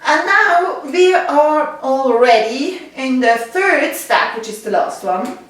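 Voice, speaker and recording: A woman with a Swiss German accent leads a body percussion lesson, speaking slowly and counting patterns aloud. Her voice sits a little high and reaches the mic from across a very reverberant room. A faint noise runs underneath. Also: lively intonation, far from the mic. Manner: patient, counting rhythms aloud, checks in with listeners. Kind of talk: instructional video lesson.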